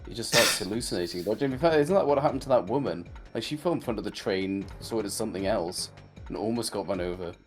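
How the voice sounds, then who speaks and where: A man's voice: on the low side, fast, music in the background. A man co-hosting a casual review chat, rambling with lots of "like" and acting out lines he quotes. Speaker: podcast co-host reviewing a cartoon.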